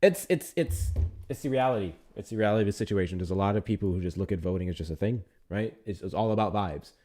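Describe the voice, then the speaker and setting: A low-voiced man hosts a casual livestream, swearing freely and teasing viewers with sarcasm. His pitch swings widely as he jokes, scolds and reads out chat. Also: expressive, quick pace, dark tone. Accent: Texan. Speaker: livestream host.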